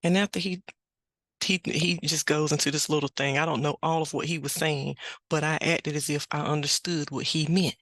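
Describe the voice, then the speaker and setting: A middle-aged woman hosting a podcast, telling a family story in an unhurried, plain-spoken way. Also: sits low, fairly even intonation, no room sound. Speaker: podcast host. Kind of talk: casual spoken reflection.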